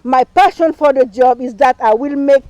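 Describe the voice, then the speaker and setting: A woman's voice: high voice, normal speed, dark tone, no echo, highs cut off. A middle-aged woman whose first language is not English gives an impassioned campaign speech as a town council candidate, repeating herself and stumbling over words. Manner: impassioned, repetitive, speaks non-native English with slips. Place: live stream rally.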